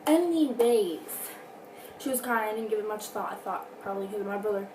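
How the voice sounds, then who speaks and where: A vlogger tells a relaxed storytime indoors at home, chatty and full of dramatic asides, with a furnace running in the background. Her voice is warm, medium-pitched and brisk. The audio has faint noise and a roomy quality, as she's distant from the mic.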